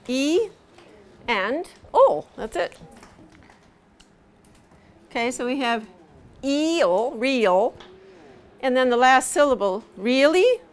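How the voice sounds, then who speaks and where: A woman leads a pronunciation lesson at a very slow, deliberate pace. Her voice sits fairly high, and she repeats each sound patiently, stretching the vowels so learners can follow. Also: a little hiss or hum. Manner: patient, drills sounds slowly with repetition and light laughs. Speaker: pronunciation teacher. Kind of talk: live English pronunciation lesson.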